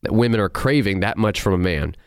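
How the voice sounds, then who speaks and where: A man hosting a movie review show, ranting in an animated, sarcastic and incredulous way. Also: on the low side, a little fast, clean tone, no echo, clean studio sound. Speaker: host.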